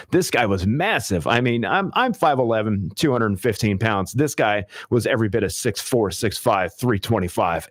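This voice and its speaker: A man hosting talk radio, chatty and animated as he tells a long story from his restaurant days. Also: on the low side, dry recording, studio quality. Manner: chatty, animated, many fillers. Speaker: radio talk show host. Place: radio studio. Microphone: studio microphone.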